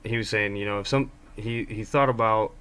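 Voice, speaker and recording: A man's voice: lowish voice, steady tone, normal speed, a bit bright, clean tone. A man giving casual basketball commentary as a fan of his team, rambling with many ums and restarts. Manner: fan talking about his own team.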